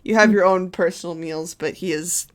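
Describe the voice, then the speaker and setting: A game master narrating a tabletop game in a relaxed, filler-heavy way. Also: mid-range voice, moderate pace.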